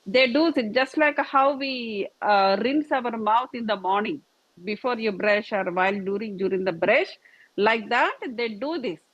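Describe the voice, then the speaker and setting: A woman's voice: on the high side, measured pace, fairly bright tone, no room sound. A woman teaching a yoga and meditation class, patient and repetitive as she shows each posture. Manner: patient, repetitive, demonstrating with gestures. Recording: dull lo-fi dry recording.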